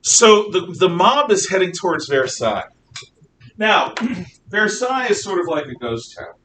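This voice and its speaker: Male history teacher, lively storyteller, bright edge, picked up from across the room. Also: high-pitched, measured pace. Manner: animated storytelling, frequent throat clearing. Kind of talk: classroom lecture. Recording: distant mic with faint noise.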